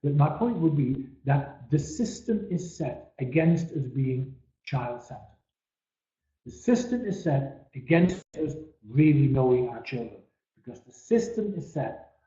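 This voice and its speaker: A man's voice: medium pitch, mellow. A man giving a webinar presentation, stressing key words and letting phrase ends trail off, often repeating words as he restarts. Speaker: webinar speaker. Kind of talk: presentation talk. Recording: echoey, dull-sounding room recording.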